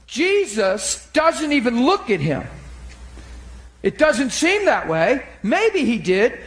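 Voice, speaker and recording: A male preacher delivering an emotional sermon, animated and at times laughing through tears. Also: very high-pitched, slow pace.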